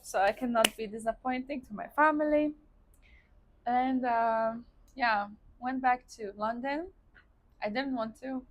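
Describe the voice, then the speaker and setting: A woman's voice: on the high side, a little slow, long pauses. A woman from Poland with a Polish accent, telling her personal story to viewers in a casual, chatty way while eating on camera. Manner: chatty, addresses viewers as guys, frequent likes. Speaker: vlogger. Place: indoors, seated eating on camera.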